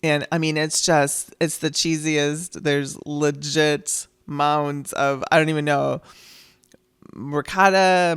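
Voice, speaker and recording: A middle-aged woman tells a personal story on her podcast, chatty and close to tears, laughing now and then. Her voice is smooth and clear, recorded dry with no room sound. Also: deep voice, dry recording. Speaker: podcast host.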